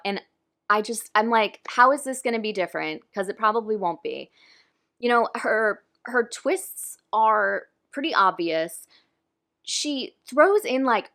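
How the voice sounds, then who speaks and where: Chatty woman with a gravelly edge. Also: medium pitch, fairly bright tone. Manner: chatty, frequent "like", ranting. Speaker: book reviewer. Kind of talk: casual chat.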